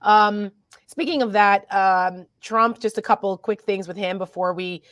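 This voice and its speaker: A woman's voice: medium pitch, unhurried, fairly bright tone, no echo. A woman co-hosting a casual political chat, chatty, with many fillers and laughs. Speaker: co-host.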